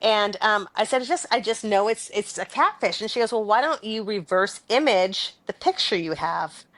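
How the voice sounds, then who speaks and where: Woman podcast co-host, casual storytelling, animated and chatty, dry close sound. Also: medium pitch, normal speed, no room sound. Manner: animated, chatty, laughs often.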